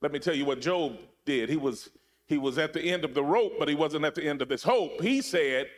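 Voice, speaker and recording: A man with a fairly high voice preaches a sermon, repeating phrases for effect. He moves between loud emphasis and low, hushed drops in a church sanctuary. His voice rings with a long hall reverb. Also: lively intonation, brisk.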